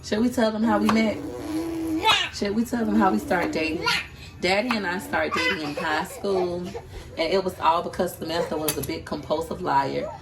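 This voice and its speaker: A woman's voice: on the low side, moderate pace, poor audio. A chatty, teasing woman from Tampa, Florida, talking casually to her viewers in a home kitchen while she films on a handheld phone. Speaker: vlogger and mother. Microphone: handheld phone camera.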